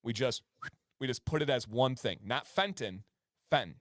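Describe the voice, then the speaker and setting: Guy co-hosting a livestream, dry close sound, chatty, mid pitch. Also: moderate pace, no room sound. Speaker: co-host. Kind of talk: casual livestream chat.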